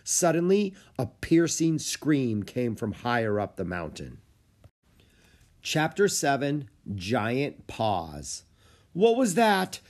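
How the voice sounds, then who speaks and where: A man narrating a children's book with lively storytelling. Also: mid-range voice, slow. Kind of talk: audiobook reading of a children's book.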